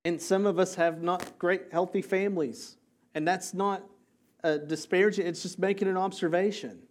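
A man preaching, his voice sitting a little higher than most men's. He drives his points home by repeating them, keeping the energy up in an animated sermon delivery. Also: normal speed. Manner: energetic, repeats key phrases for emphasis. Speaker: pastor.

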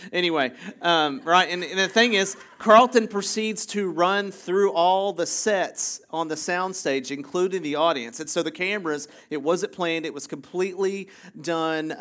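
Slightly high and a bit bright, the man's voice carries a relaxed, conversational sermon. As pastor, he cuts into his own sentences with jokey asides and keeps asking the congregation "right?" to check in.

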